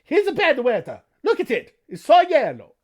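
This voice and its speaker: A man voicing a shrill, jeering mother who shames her son in a loud, exaggerated falsetto. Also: wildly swooping pitch, normal speed. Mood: mocking.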